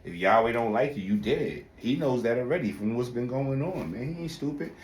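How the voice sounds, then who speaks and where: A man giving casual reaction commentary, animated, incredulous and slangy. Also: medium pitch, fairly quick. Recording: echoey room, faint noise.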